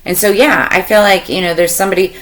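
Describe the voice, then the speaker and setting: A woman's voice: medium pitch, steady tone, fast, fairly bright tone, rough recording. A woman reading tarot cards for a zodiac sign in a casual, meandering way, thinking aloud with lots of fillers. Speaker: tarot reader.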